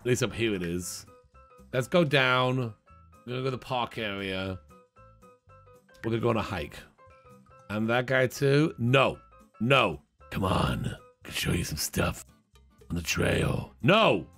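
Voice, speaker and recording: Man, let's play commentary, chatty, laughing, animated pitch, quick character asides, faint background music. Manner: playful, chatty, often laughing; voices his game characters in quick asides. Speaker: gaming channel host.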